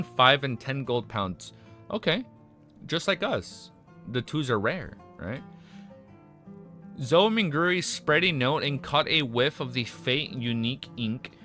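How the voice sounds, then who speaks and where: A man with a raspy voice reads a web novel aloud, stumbling over words, rereading lines and breaking off into excited asides. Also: mid-range voice. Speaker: streamer reading a web novel aloud and reacting. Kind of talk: casual reading with live reactions.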